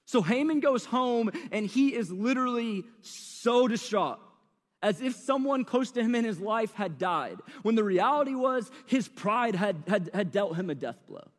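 A man's voice: high-pitched, expressive, a little slow, big-room sound. A man preaching a sermon, retelling the story in a casual, slangy, conversational way.

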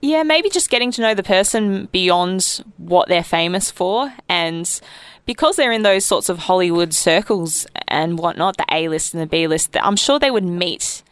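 A young woman co-hosting a casual podcast, talking in a measured, reflective way with dry humour. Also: fairly low pitch, animated, clean tone, no room sound. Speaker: podcast co-host. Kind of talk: casual chat.

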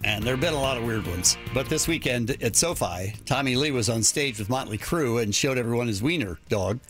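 A man's voice: mid-range voice, expressive, a little fast, fairly bright tone, soft background music. A man hosting a radio show, taking calls with dry, easygoing banter. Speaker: radio host.

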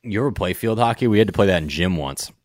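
Low-voiced laid-back young man, dry sound. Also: expressive, fast, a little mellow, no room sound. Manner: laid-back, wry, laughs easily. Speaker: podcast co-host. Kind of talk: casual chat.

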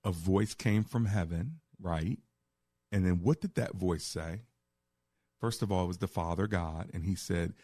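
A low-pitched, gravelly male pastor hosting a radio call-in show. He teaches scripture in a preacher's cadence and draws quoted verses out slowly. The studio sound is dry and close. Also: very animated, a little mellow, dry recording. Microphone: studio microphone.

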